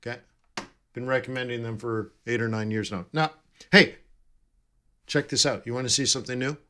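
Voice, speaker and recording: A man with a mid-range, steady voice speaks briskly, sounding pushed and bright. He hosts a live trading stream, chatting casually and joking with viewers as he reads out their comments and answers them.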